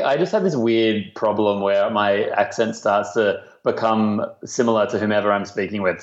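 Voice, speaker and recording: A man's voice: on the low side, muffled recording. A man around thirty with an Australian accent, chatting casually as an interview guest, self-deprecating and full of fillers. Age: late 20s to 30. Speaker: guest, marketing executive.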